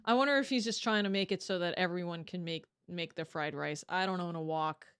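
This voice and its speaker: A young woman streamer chatting casually while reacting to a video, curious and quick to laugh. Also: on the low side, fairly bright tone, clear, resonant tone.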